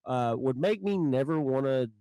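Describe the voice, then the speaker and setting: A man's voice: mid-range voice, animated, normal speed, mellow, no echo. A man co-hosting a podcast, chatting in a laid-back, rambling way. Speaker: podcast co-host. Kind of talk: casual podcast chat.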